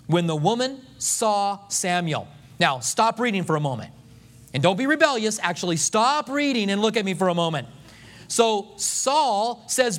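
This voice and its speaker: A man's voice: high-pitched, animated, normal speed, fairly bright tone. A male pastor preaching a sermon, telling a scripture story with humor and acting out the voices of the people in it.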